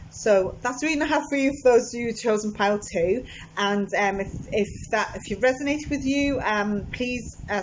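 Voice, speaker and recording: A woman's voice: a little high, darkish tone, dull audio, a little hiss or hum. A middle-aged woman from the UK giving a casual, chatty pick-a-card tarot reading at home, giggling and repeating herself. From United Kingdom. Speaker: tarot reader. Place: warm room at home with a fan running.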